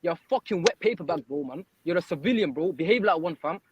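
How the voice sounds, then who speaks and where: A man's voice: on the high side, lively intonation, quick pace, dull audio, crowd noise. A young man on a live panel call, mocking and trash-talking another caller and laughing off his threats. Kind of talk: heated live panel argument.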